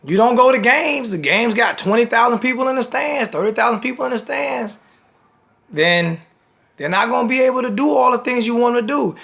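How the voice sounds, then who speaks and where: A man's voice: extremely high pitch, expressive, brisk, creaky, a bit bright. A man with a blunt, scolding manner, ranting to the camera as a sports fan vlogger.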